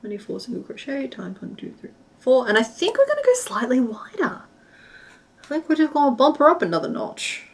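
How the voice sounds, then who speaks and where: A woman's voice: sits high, big pitch swings, brisk, husky. A woman hosting a crochet livestream, chatting casually and giggling while she answers chat and counts stitches aloud.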